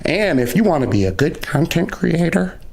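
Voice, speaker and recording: A middle-aged man, a gaming streamer, delivering a loud, aggressive trash-talking rant on a live reaction stream. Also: a little high, very animated, moderate pace, vocal fry. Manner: loud, aggressive trash talk, calls the other player "son".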